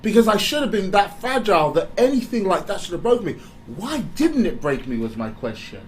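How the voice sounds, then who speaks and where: A man giving a candid motivational talk, animated and confessional, often breaking into laughter. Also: sits high, a little fast, a little hiss or hum, rough recording. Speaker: speaker.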